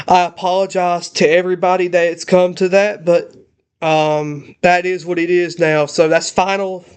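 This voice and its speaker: A young man ranting in a casual home vlog, emotional and halting with many restarts, recorded on a laptop in his parents' house. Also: high-pitched, clean tone. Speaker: channel host.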